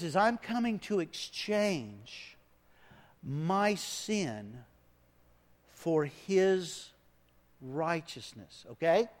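A man preaching a sermon as pastor, swinging from hushed lines to loud, emphatic ones. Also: a little high, big pitch swings, takes it slowly, big-room sound.

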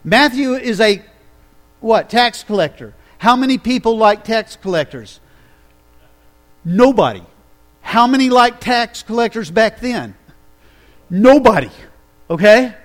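A male pastor preaching a sermon in a high-pitched voice. He tells the story with animated energy and keeps throwing rhetorical questions to the congregation. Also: moderate pace.

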